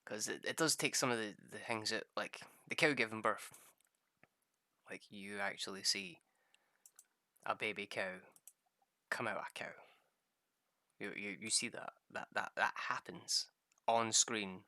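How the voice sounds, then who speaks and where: A man's voice: fairly low pitch, unhurried, pauses often, sharp tone, no room sound. A young man rambling through a casual gameplay chat, swearing freely and laughing at his own stories. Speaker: gaming streamer.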